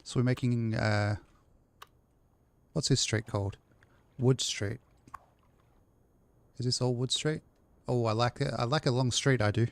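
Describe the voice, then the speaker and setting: A man's voice: mid-range voice, steady tone, measured pace, creaky, long pauses. A man live-streaming a city-building game, chatting casually and rambling to his chat while he plays.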